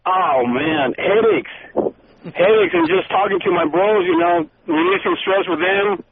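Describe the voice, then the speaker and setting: A man's voice: high-pitched, unhurried. A man calling in to a radio show, complaining in an exasperated way. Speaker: caller. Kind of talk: call-in radio chat. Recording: tinny phone line with faint hiss.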